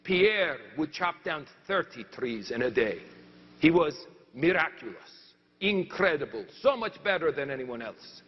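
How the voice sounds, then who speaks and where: Man doing a high-voiced French lumberjack. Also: very animated, long reverb tail, lo-fi sound. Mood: storytelling. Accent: put-on French. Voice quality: halting, searching for words. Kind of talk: comic monologue in character.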